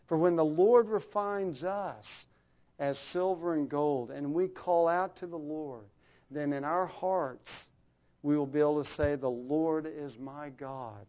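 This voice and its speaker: A man preaching a sermon, his voice swelling louder for emphasis and then dropping to a near hush. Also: fairly high pitch, unhurried. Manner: rising and falling in volume for emphasis, dropping to a hush. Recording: dull lo-fi recording.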